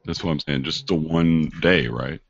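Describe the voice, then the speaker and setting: A man's voice: rumbling low, normal speed, vocal fry. A man running an online tabletop game as game master, rambling through rules with many fillers, heard over dull lo-fi voice chat.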